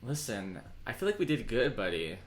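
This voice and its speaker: A man's voice: on the low side, very animated, moderate pace. A young man hosting a casual comedy podcast, teasing and joking with his guest.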